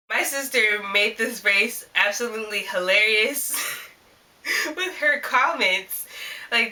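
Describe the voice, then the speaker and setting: A woman vlogger recounting a story in casual, animated chat, filling her sentences with "like". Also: medium pitch. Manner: rambling and animated, constant "like" fillers. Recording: voice a little distant from the mic.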